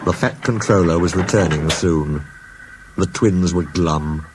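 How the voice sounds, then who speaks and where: A man narrating a storybook tale in a steady, expressive reading. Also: low-pitched, a little slow, heavy background noise. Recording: music underneath.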